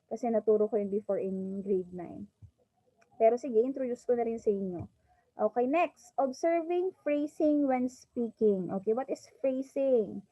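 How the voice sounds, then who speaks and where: Woman teacher, Filipino accent, fairly high voice, dull dry lo-fi sound. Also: moderate pace, mellow, no room sound. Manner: switches between English and Filipino, says "okay" often. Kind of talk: online class lesson.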